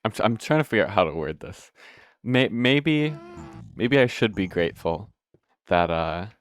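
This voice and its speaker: Deep-voiced young man rambling over gameplay. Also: very animated, moderate pace, slight background noise. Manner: meandering, self-interrupting, swears casually. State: hiccuping. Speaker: let's play host.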